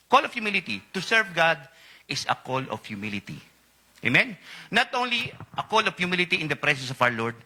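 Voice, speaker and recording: A man with a Filipino accent preaching a sermon, often asking the congregation for a response and mixing in Tagalog phrases. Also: bright, forceful tone. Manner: switches between English and Tagalog, asks the congregation for responses; rises sharply in pitch on emphasized words.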